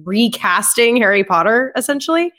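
A woman's voice: fairly high pitch, animated, normal speed, fairly bright tone. A woman co-hosting a casual pop-culture chat, often laughing and restarting her sentences. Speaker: podcast co-host.

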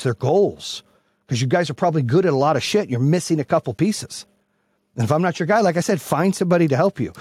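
A man hosting a podcast who gives a loud, blunt, profane motivational speech, yelling to fire up his listeners. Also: medium pitch, breathy edge, no echo. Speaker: podcast host and business coach.

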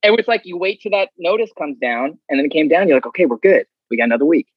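A man with a husky, slightly breathy voice tells stories casually and acts out other people's lines with energy. The sound is dry and close, in a dull, slightly muffled recording. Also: on the high side, animated, fast talker, no room sound. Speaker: guest. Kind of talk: casual storytelling.

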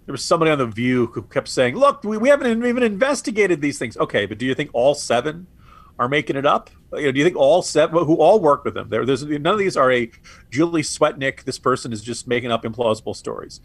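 A man's voice: mid-range voice, fast, vocal fry, dry recording. A man co-hosting a political podcast, sarcastic and exasperated, often stammering and restarting. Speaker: co-host.

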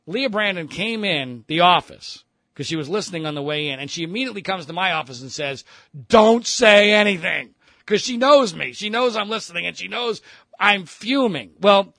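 A man, a radio host, telling a story casually with profanity and animated mimicry. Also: high voice, a little fast, no room sound.

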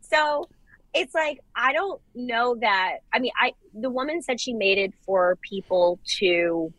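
A young woman co-hosting a casual podcast chat, gushing and animated as she gives her opinions. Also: on the high side, measured pace, dry recording, rough recording. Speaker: podcast co-host.

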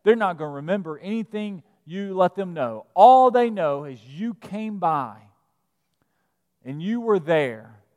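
A man with a fairly high voice preaches to his congregation, moving from soft asides to forceful emphasis. His pitch rises and falls a great deal. The sound carries the long reverb of a church hall. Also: a little slow, highs cut off. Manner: expressive preaching, swinging from hushed to emphatic. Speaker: pastor. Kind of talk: sermon. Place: church sanctuary.

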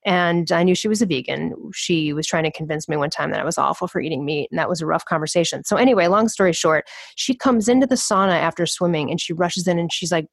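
A woman speaks on the low side for her sex, animated and emphatic as she talks through her points in an interview. She slips into other people's voices as she tells stories. The sound is close and dry. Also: quick pace, creaky, few pauses, no echo. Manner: emphatic, acts out quoted voices. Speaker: guest.

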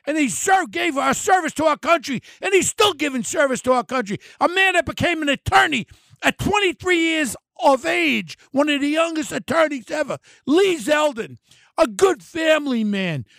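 An older man, ranting angrily and mockingly about politics on his podcast, shouting in bursts. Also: extremely high pitch, animated, normal speed, gravelly, no echo, studio quality. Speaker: podcast host. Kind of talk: angry political rant.

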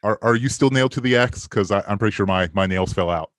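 A man's voice: lowish voice, fast, dry recording, clean studio sound. A man in his forties from Maryland, a podcast guest telling long roundabout stories with frequent laughs. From Maryland, USA. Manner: rambling storyteller, laughs often. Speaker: podcast guest, film commentary maker. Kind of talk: casual podcast chat.

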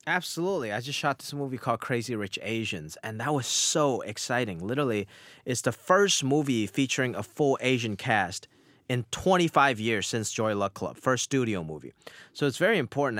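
A man's voice: lowish voice, fairly bright tone, no room sound. A young man, an immigrant actor and author, answering interview questions earnestly with frequent fillers. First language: immigrant, grew up outside America.

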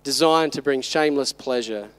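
A man's voice: mid-range voice, moderate pace, a bit bright, clean tone. A man in his thirties, a father, preaching a sermon with emphatic rhetorical questions.

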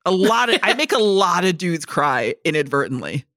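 A woman's voice: fairly low pitch, big pitch swings, normal speed, a bit bright, dry recording, clean studio sound. A woman co-hosting a podcast in casual chat, blunt and joking with some swearing. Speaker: podcast co-host.

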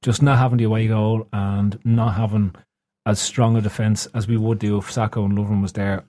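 A man hosting a casual podcast, reading out listener questions with quick, boisterous energy. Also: fairly low pitch, flat delivery. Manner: quick, boisterous, bursts into laughing shouts. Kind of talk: casual banter.

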